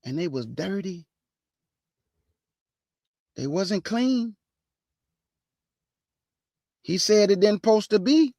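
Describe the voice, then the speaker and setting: A woman hosting an informal Bible teaching, reading verses slowly and firmly and breaking in with pointed rhetorical questions in a casual, plain-spoken way. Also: mid-range voice, sing-song, dark tone, no room sound, clean studio sound. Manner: casual, plain-spoken, addresses listeners as "y'all".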